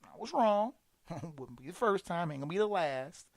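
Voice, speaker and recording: A man's voice: high-pitched, animated, moderate pace. A man delivering a sarcastic, emphatic sports commentary monologue, stumbling and restarting often.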